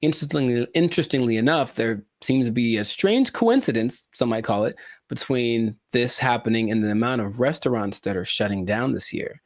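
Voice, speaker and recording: A man's voice: medium pitch, lively intonation, fairly quick, no echo. Jokey young male podcast co-host. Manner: jokey, mock-dramatic asides. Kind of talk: casual chat.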